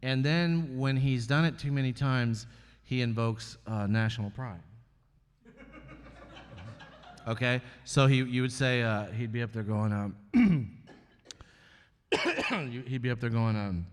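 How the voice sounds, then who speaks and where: A male comedian as guest in a live on-stage conversation, talking candidly and wryly, often halting and restarting. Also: mid-range voice, steady tone, clear, resonant tone, long reverb tail. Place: stage at an arts venue before an audience.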